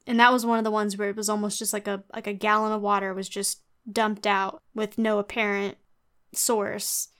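A woman's voice: medium pitch, little pitch movement, normal speed, fairly bright tone, clean tone. A young woman co-hosting a podcast, chatting casually and reading forum posts aloud, with lots of "like" fillers. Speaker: podcast co-host.

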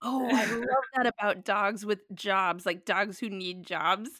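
A woman in her thirties hosting a podcast, telling stories quickly and playfully. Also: medium pitch, no echo, studio quality. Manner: quick, animated storyteller, playful. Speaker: podcast host. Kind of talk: casual chat.

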